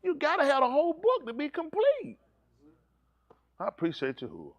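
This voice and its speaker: A male pastor preaching a sermon, swinging between low, steady teaching and high, shouted preaching, teasing members of his congregation. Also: normal speed, no room sound, muffled recording.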